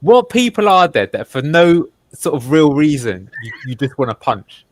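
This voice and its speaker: A man's voice: fairly high pitch, big pitch swings, moderate pace, no room sound. A man co-hosting a football watchalong stream, chatting casually and putting questions to the others. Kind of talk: casual chat.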